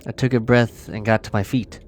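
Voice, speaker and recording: A man's voice: on the low side, steady tone, a little fast, slight background noise. Profane man narrating a horror game. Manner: profane, joking asides between narration. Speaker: gaming streamer. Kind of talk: let's play, reading game text aloud.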